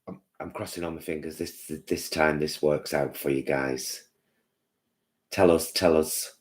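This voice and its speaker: A man's voice: very deep voice, steady tone, a little slow. A man hosting a casual live-stream chat, chatty and answering viewers' comments by name.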